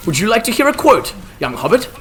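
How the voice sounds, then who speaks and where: A man plays a genteel, easily flustered old wizard in an in-character game stream. The voice sits high and bright, with a lively, swooping melody. He stammers through prim, old-fashioned phrases. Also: fast talker, slight background noise.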